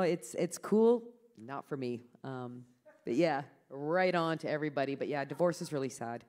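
A woman's voice: low-pitched, darkish tone. A middle-aged woman, an author on a festival stage, talking frankly and easily with frequent ums. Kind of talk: casual conversation.

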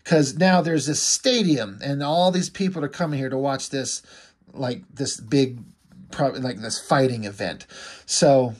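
A man's voice: medium pitch, a little slow, slightly rough. A man casually recapping a comic book issue, rambling and loose, paraphrasing the characters as he goes.

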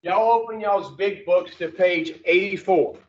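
A man's voice: high voice, unhurried. Blunt man teaching in an echoey room. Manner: blunt, folksy, uses mild swearing. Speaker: recovery program teacher. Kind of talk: plain-spoken class talk. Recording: echoey, distant, dull room recording.

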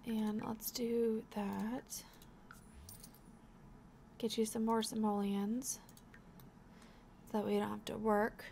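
A woman's voice: medium pitch, little pitch movement, takes it slowly, creaky, pauses often, dark tone, a little hiss or hum. A young woman hosting a let's play, giving casual gameplay commentary in a chatty, encouraging way as she thinks aloud.

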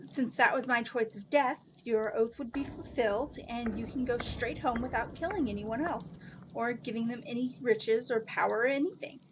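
Woman reading a chill smart princess, calm and measured, slightly high voice. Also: a little hiss or hum, lightly acted, poor audio. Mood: suggesting. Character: level-headed young princess, calm and clever.

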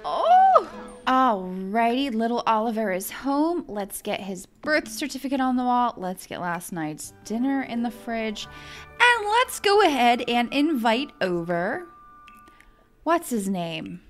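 A young woman giving excitable, chatty let's-play commentary as a gaming video host, thinking aloud as she plays. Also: fairly high pitch, unhurried, soft background music.

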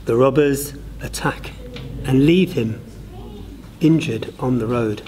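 Male storyteller, very slow and measured, mid-pitched, faint background hiss. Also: darkish tone. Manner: slow, deliberate phrasing with long pauses. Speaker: school staff reader. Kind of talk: storytelling parable.

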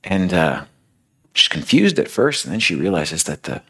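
Guy preaching like he's just telling a story, super low gravelly husky voice. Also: sing-song, normal speed, pushed and bright, poor audio. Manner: casual, filler-heavy retelling. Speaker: speaker. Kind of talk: storytelling sermon.

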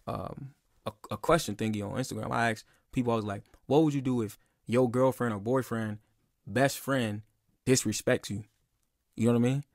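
A man's voice: lowish voice, dry recording, clean studio sound. A young man telling a personal story in a casual, rambling and heated way, with lots of "bro" and "like.". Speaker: podcast speaker.

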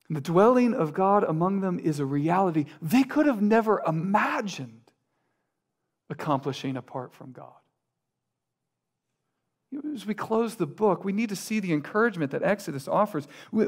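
High-voiced male pastor preaching earnestly. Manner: earnest, building repetition with sudden quiet drops. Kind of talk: sermon.

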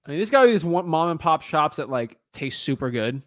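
A man's slightly high voice comes quickly in studio-quality audio with no echo. He's a real estate wholesaler doing a casual vlog, joking with viewers and talking to himself in an animated way as he browses listings.

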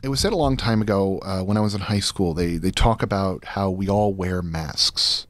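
Rambling young man, low and dry. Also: normal speed, dry recording. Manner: rambling, excitable, many restarts and fillers. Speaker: guest, audio drama creator. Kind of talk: casual chat.

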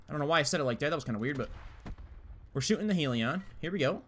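A young man calls out a shooter match as he plays it, full of slang and cocky trash talk. His voice sits a bit high and sounds bright. It jumps up and down in pitch as he gets hyped. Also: lively intonation, rapid-fire. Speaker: gaming YouTuber. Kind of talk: live gameplay commentary.

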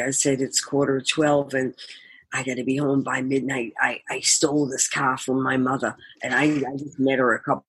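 An older woman from the Boston area, a musician guest telling an animated story, laughing often and acting out quotes. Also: rumbling low, moderate pace, breathy edge, no room sound. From Boston area, USA. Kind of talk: storytelling interview.

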